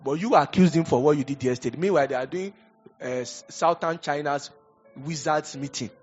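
A man preaching a sermon, animated and conversational, acting out little scenes as he goes. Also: a little high, brisk, lo-fi sound, soft background music. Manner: animated preaching with acted asides. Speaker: pastor.

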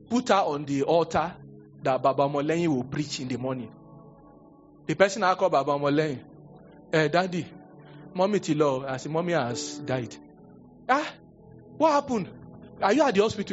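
A young Nigerian man preaching a sermon as pastor, telling a story with acted-out voices and sudden high exclamations. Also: lively intonation, brisk, long pauses, highs cut off, soft background music. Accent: Nigerian, Yoruba-speaking. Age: young adult.

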